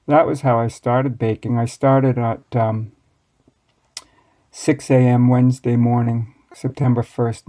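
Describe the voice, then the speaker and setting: An American man in his sixties, a master baker, telling stories from his past in a relaxed, wry way as an interview guest. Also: medium pitch. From United States. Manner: relaxed, reflective, wry storytelling. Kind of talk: storytelling interview answers.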